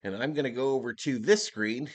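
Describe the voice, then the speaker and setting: A man hosting a live sports stream, chatting in an upbeat, slangy way and giving shout-outs to his chat. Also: mid-range voice, a little fast.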